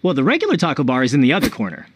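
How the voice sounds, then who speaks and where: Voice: medium pitch, huge pitch swings, very fast, no room sound. Eager youthful soldier, bouncy, dry mic. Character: young eager soldier, energetic. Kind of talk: animated series acting.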